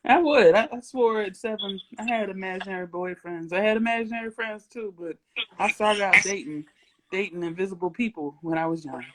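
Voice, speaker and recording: A young adult woman hosts a casual livestream interview in a brisk, mid-range voice, playful and rambling, breaking into giggles and silly sound effects.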